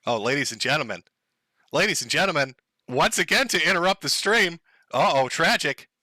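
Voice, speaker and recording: A man's voice: fairly high pitch, animated, moderate pace, pushed and bright, no echo. A man hosting a livestream, talking in a crude, sarcastic and mocking way. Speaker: livestream host. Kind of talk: casual livestream commentary.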